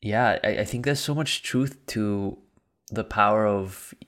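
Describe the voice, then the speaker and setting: Reflective guy, kinda low voice, lots of "you know"s, earnest. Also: unhurried, fairly bright tone. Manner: reflective, earnest, filler-heavy. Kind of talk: casual conversation.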